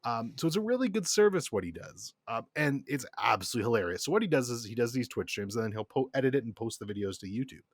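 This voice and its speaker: Animated man hosting a casual podcast. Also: medium pitch, fast, few pauses, no room sound. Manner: animated, enthusiastic storytelling with laughs. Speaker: podcast host. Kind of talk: casual chat.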